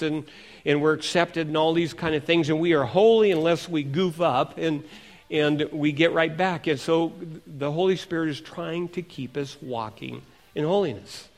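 High-voiced pastor preaching. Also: male voice. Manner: animated, asks the congregation questions. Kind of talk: sermon.

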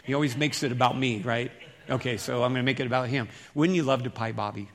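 A folksy male pastor gives a sermon in an easygoing, chatty manner. He swings from loud, emphatic bursts to hushed asides. His voice sits at an ordinary middle pitch. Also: fast talker.

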